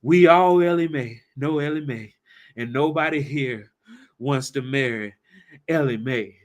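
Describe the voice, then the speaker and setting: A man's voice: mid-range voice, a little slow, natural voice. A man voicing a young bachelor who answers plainly and bluntly.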